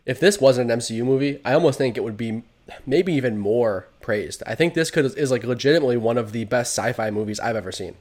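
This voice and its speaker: A man's voice: mid-range voice, a little mellow. A man co-hosting a movie podcast, talking enthusiastically in casual chat. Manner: enthusiastic, quick, laughs often. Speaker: podcast co-host.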